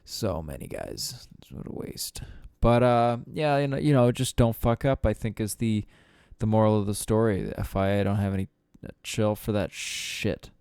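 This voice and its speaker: A man's voice: on the low side, normal speed, darkish tone, smooth, no echo, studio quality. A man hosting a casual solo podcast, rambling and swearing with lots of fillers. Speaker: podcast host.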